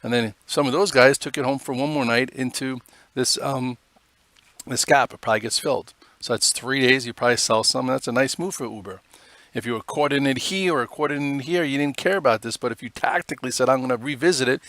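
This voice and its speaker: A man's voice: mid-range voice, fast, a bit bright, no echo. A man hosting a live stock trading show, giving casual, rambling commentary on charts with many fillers.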